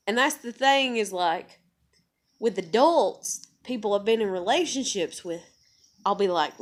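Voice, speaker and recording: A woman's voice: medium pitch, animated, normal speed. Blunt, profane woman vlogger. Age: adult parent. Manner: blunt, profane, rambling with many fillers. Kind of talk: candid personal storytelling to camera.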